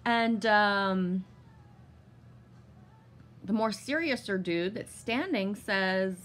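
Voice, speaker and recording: A woman vlogger with a medium-pitched voice casually tells a long story, drawing out her words. She rambles with lots of fillers, swears often, and bursts into giddy excitement.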